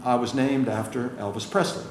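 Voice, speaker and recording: Fairly quick and mid-range in pitch, this American chiropractor guest spins animated stories in a casual interview, imitating the people he quotes. Faint ambient sound fills a roomy recording.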